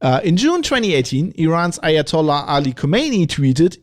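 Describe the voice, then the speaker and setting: A man hosts his own podcast, thinking out loud in long, rambling stretches. He restarts his sentences often and jumps between asides. His voice sits slightly higher than most men's. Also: moderate pace, few pauses. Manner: rambling, animated, with frequent restarts and laughs. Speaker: podcast host. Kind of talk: opinionated solo podcast talk.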